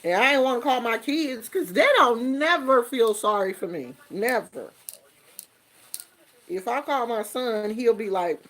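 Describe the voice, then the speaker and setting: A woman hosting a show and chatting casually through a story, animated and acting out everyone's lines. Her voice is bright and a little high. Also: unhurried. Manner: animated, acts out quotes. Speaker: host.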